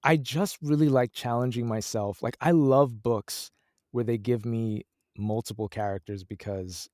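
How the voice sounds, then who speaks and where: A male audiobook narrator chatting casually in an interview, animated and laughing often as he acts out his own thoughts. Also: medium pitch, unhurried, no room sound, clean studio sound.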